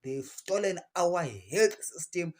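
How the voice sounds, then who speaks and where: A man's voice: sits high, lively intonation, takes it slowly, darkish tone. A man with a Zimbabwean accent giving an impassioned, preachy political address to camera, defiant and repeating phrases for emphasis. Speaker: political commentator.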